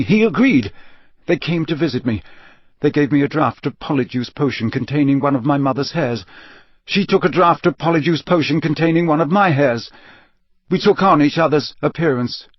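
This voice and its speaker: A young dark wizard confesses in a flat, monotonous voice, dazed and emotionless, as a man reads him. The storybook recording is dry and dull. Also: fairly high pitch, no echo, close to an everyday voice. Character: young male dark wizard confessing under truth potion, vacant.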